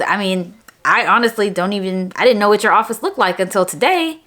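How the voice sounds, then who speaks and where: A woman vlogger telling a story to camera in a casual, animated way, jumping up high when she quotes herself. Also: normal speed, hardly any pauses. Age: adult.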